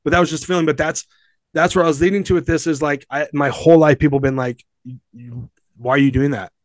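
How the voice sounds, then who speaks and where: Here a fortysomething man from Southern California, who owns a gym, guests on a podcast and spins his story casually. His voice sits on the high side with fairly even intonation, he speaks quickly, and he's profane, emphatic and rambling. No room sound is audible.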